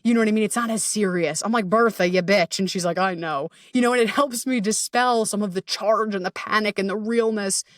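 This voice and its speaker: A woman's voice: medium pitch, fast talker, hardly any pauses, no echo, distant mic. Woman coach podcasting solo, loose and sweary, voice a bit off mic in a dry room. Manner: candid and animated, swears freely, acts out inner dialogue. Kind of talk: casual solo podcast talk.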